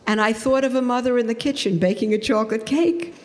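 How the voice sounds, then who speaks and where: A woman giving an earnest conversion testimony, slowing down for emphasis. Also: medium pitch. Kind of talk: testimony talk. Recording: long hall reverb.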